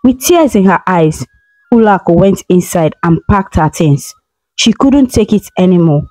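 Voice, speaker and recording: A woman narrating a folktale in a steady, even reading. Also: on the low side, unhurried, dry recording, soft background music, rough recording. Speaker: storyteller.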